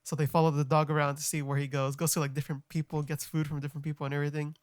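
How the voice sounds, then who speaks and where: A young man co-hosting a podcast, explaining things in a relaxed, plain way. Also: on the high side, very fast, dry recording, clean studio sound. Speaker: podcast co-host. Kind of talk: casual podcast chat.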